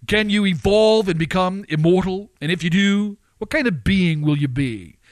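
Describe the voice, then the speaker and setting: A man preaching and commenting, firing off rhetorical questions with his pitch swinging up and down. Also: moderate pace, no room sound.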